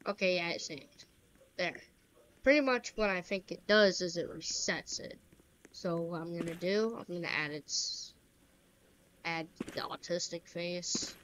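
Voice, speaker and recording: A woman's voice: lowish voice, unhurried, fairly bright tone, a little hiss or hum. A woman giving casual gameplay commentary in an offhand, wry way with muttered asides. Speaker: gaming commentator.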